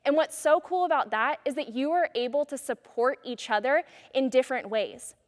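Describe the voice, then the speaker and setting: High-voiced woman giving a youth message. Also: normal speed, long reverb tail. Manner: earnest, encouraging, casual youth-minister talk. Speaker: youth pastor.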